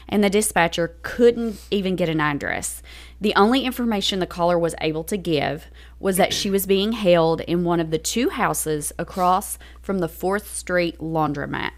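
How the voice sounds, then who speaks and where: Lady reading out a true crime story on a podcast, kinda low voice, stops to explain stuff. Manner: reads a script, pauses to explain. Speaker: podcast host.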